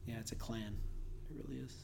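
A man in casual conversation, enthusiastic and quick to laugh, telling lively stories. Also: medium pitch, vocal fry, a little hiss or hum. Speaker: guest.

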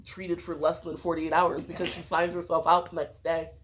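A woman's voice: low voice, flat delivery, normal speed, a little hiss or hum. A woman telling a true crime story in casual podcast chat, with lots of "like" and "um". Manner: chatty, sprinkles "like" and "um".

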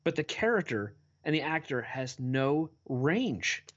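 A man's voice: on the high side, big pitch swings, measured pace, highs cut off. A man co-hosting a casual podcast, talking bluntly and with exasperation about movies. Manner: blunt, exasperated, swears a lot. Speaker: podcast co-host. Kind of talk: casual movie review chat.

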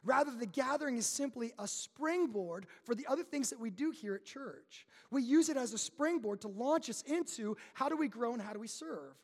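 High-voiced pastor preaching in a reverberant hall. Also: male voice, moderate pace, hardly any pauses. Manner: animated storyteller, builds tension then drops quiet. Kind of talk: sermon. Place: church sanctuary.

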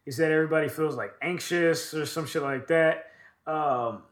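A man's voice: on the high side, moderate pace, echoey room. A man co-hosting a podcast, recapping wrestling in a loose, profane, rambling way with lots of fillers. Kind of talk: casual chat.

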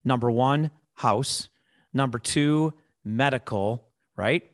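Brief: podcast host, man, Chicago accent, opinionated rant, lively and rhetorical, dry voice. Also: medium pitch, slow, no echo. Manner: animated, rhetorical, on a soapbox. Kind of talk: opinionated finance podcast talk.

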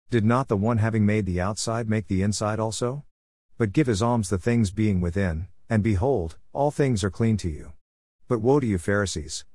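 A man reading the Bible aloud in a measured, phrase-by-phrase way. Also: on the low side, a little mellow, dry recording, clean studio sound. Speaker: scripture reader.

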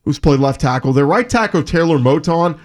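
Man, sports talk co-host, slightly higher voice, conversational, lists names one by one. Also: animated, normal speed. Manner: conversational, reads reports then lists players.

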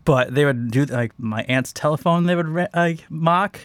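A man in casual podcast chat who laughs often and bursts into loud shouted curses. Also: fairly high pitch, normal speed, no echo. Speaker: podcast co-host.

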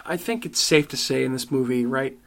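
A man's voice: medium pitch, a little fast, gravelly, a bit bright. A man hosting a casual movie review podcast, talking bluntly and swearing freely, sometimes acting out quotes in a slangy voice. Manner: profane, blunt and emphatic. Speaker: podcast host.

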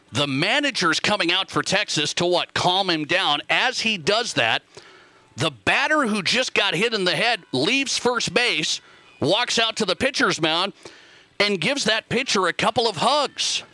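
A man's voice: high voice, bright, forceful tone. A man hosting a sports radio show, talking in a rambling monologue that repeats phrases and puts questions to the listeners. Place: radio studio.

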